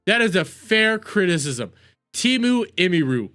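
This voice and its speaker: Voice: mid-range voice, sing-song, unhurried, fairly bright tone, dry recording, studio quality, faint music behind. A streamer chatting live while reacting to clips, rambling, repeating themselves, stammering and laughing often.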